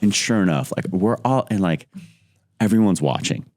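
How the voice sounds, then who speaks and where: A middle-aged man, a podcast guest, telling a casual anecdote in a rambling way full of "like", acting out quotes in lively voices. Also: deep voice, normal speed, no echo.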